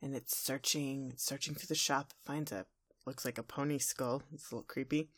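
A woman co-hosting a casual podcast, recapping a cartoon episode in an animated way. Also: extremely low pitch. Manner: animated, slips into quick character voices. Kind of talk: casual chat.

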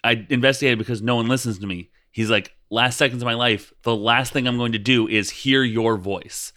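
A man co-hosting a podcast in casual chat, often giving short agreements and retelling scenes briskly. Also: mid-range voice, steady tone, bright, forceful tone. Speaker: podcast co-host.

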